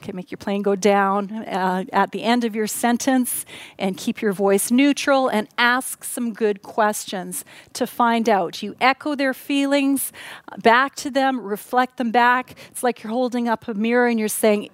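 A woman who teaches the Bible gives a measured, instructive talk, working through her points one at a time. Her voice is a little high, and there's no echo.

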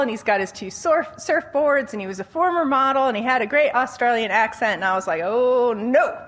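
A woman giving a conversational Christian teaching talk on dating, telling stories with animated quoted voices and frequent laughter. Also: mid-range voice. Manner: animated storytelling, acting out quotes, laughs often.

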